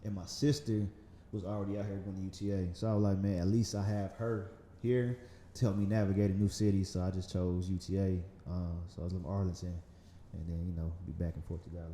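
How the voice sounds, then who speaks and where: A man in his thirties with a light Southern accent, a podcast guest talking in a relaxed, rambling way, often laughing and saying "man". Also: low-pitched, fast talker, roomy sound, a little hiss or hum. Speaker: magazine founder, podcast guest. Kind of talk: casual interview conversation. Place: podcast studio.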